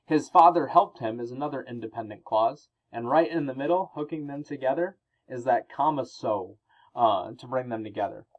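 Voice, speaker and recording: Male teacher, mid pitch, explanatory and casual with fillers, recorded on dull lo-fi audio. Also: moderate pace. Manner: explanatory, with fillers and self-corrections. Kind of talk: recorded grammar lesson.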